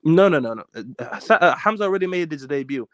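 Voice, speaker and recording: A man co-hosting a casual streamed call-in show, needling his co-host and cutting in over him. his voice sits a little high for a man, and it comes across dry and close with no room sound. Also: animated, fast talker, fairly bright tone, dry recording. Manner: teasing, mocking, talks over others.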